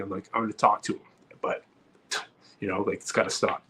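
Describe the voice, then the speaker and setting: A man's voice: fairly low pitch, fairly quick, fairly bright tone, breathy edge. A man co-hosting a comedy podcast, talking heatedly, swearing and restarting his sentences. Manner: heated, repeats words and restarts often, swears. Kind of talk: casual podcast chat.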